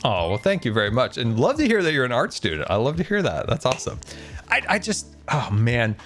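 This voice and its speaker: A man's voice: medium pitch, wildly swooping pitch, fairly quick, fairly bright tone, faint music behind. A man streaming casually, ranting animatedly and joking with his viewers.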